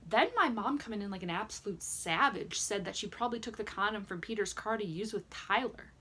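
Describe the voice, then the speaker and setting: A woman's voice: a little high, fairly quick, hardly any pauses, sharp tone, breathy edge. A young woman recapping a reality dating show in a casual, sarcastic reaction vlog, full of "like" fillers. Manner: chatty, sarcastic, lots of "like" fillers. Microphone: camera mic with ring light, indoors.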